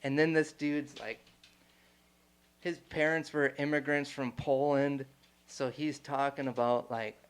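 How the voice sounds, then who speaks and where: A young man co-hosting a casual podcast chat, telling a story with lots of fillers, swearing and loud acted-out quotes. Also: mid-range voice, a little slow, clean tone. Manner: animated, swears freely, acts out quotes loudly. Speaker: podcast co-host.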